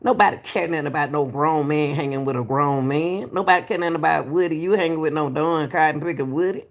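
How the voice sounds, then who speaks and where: Gravelly woman calling people baby. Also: sits low, fast talker. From Atlanta, US. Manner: repetitive, emphatic, calls people baby. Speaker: YouTube commentator. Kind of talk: reaction commentary.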